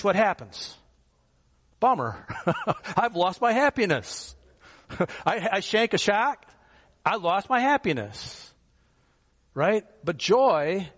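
A male pastor delivers a sermon in a friendly, conversational way, putting rhetorical questions to his congregation. His voice sits a little higher than most men's, and a long reverb from the church sanctuary trails after his words. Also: fairly bright tone.

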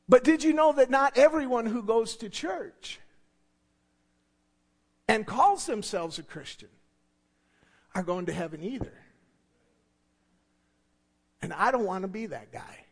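High-voiced preaching man in a reverberant hall. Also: lively intonation, unhurried, pauses often. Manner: emphatic, swinging from hushed asides to shouted points; repeats key words for effect. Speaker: pastor. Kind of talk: sermon. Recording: long reverb of a large hall.

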